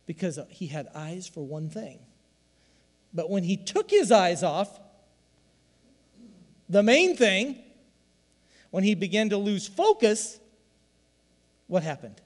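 A pastor preaches to his congregation, his slightly raised voice rising to loud emphasis and dropping to hushed asides. He is a man with a lively, dynamic sermon delivery. The sound carries a long reverb from a large hall. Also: high voice, slow, pauses often.

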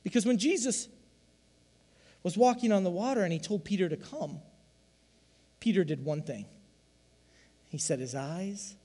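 A pastor preaches to his congregation, his slightly raised voice rising to loud emphasis and dropping to hushed asides. He is a man with a lively, dynamic sermon delivery. The sound carries a long reverb from a large hall. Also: sits high.

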